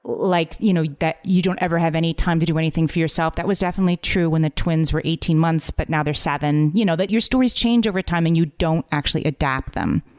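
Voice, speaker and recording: Animated, lower-voiced woman co-host. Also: fast talker, hardly any pauses. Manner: animated, explaining, enthusiastic. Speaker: podcast co-host. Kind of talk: casual chat.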